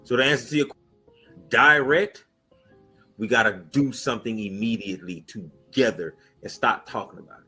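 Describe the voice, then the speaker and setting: A man's voice: mid-range voice, moderate pace, slightly rough, poor audio. A man giving emphatic, insistent answers as a guest on a talk show, adamant and punchy in his delivery. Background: soft music bed.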